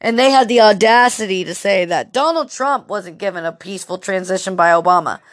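A woman's voice: medium pitch, fairly quick. Lady rambling on her podcast, cussing constantly, super casual storytelling. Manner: profane, rambling storytelling with lots of fillers. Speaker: podcast host. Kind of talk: casual monologue.

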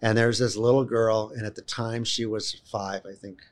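A man telling a long personal story in conversation, animated and emphatic, often restarting his sentences. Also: on the low side, normal speed. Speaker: guest, children's home volunteer.

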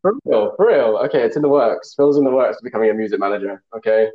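A young man hosts a loose podcast chat, teasing his guest and quick to joke. His voice sits at a middle pitch. The recording sounds roomy and a little dull. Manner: jokey and teasing, quick to laugh. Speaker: podcast host. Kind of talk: casual chat.

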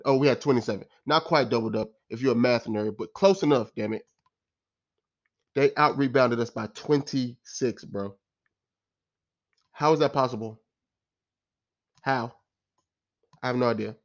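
A man rants about a game in a casual, exasperated way, circling back on his points and throwing in slang. His voice sits at an everyday middle pitch. The recording sounds dull and lo-fi. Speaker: sports fan commentator. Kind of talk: casual post-game rant.

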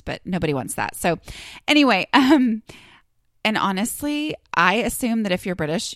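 A woman chatting through a solo podcast episode, wandering off on tangents and correcting herself as she goes. Her voice sits at an ordinary middle pitch. It is recorded close and dry, with no room sound around it. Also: vocal fry, a bit bright, no room sound. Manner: chatty and rambling, many ums and self-corrections. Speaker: podcast host. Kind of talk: casual solo podcast talk.

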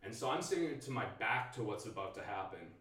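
Low-voiced man telling a story, echoey room. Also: animated, brisk, fairly bright tone. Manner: swears a lot, fills with "like". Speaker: podcast guest, stand-up comedian. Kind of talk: casual storytelling. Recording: echoey room, distant mic.

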